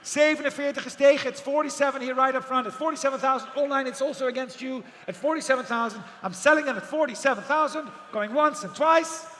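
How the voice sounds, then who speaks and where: A man calling bids as an auctioneer, rattling off figures over and over with the odd joking aside. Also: extremely high pitch. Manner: rapid repetitive bid calling, joking asides. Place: outdoor auction event. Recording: long reverb, faint background noise.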